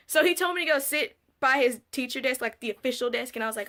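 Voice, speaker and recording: Bright high-voiced young woman telling a story. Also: fast, few pauses. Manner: candid, swearing, animated re-enactments. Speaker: vlogger. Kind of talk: casual storytime.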